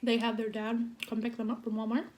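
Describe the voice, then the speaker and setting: A young woman in her twenties telling a storytime vlog in an animated, exasperated way. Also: fairly high pitch, fairly quick, a little hiss or hum. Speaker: vlogger. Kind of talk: storytime vlog while eating.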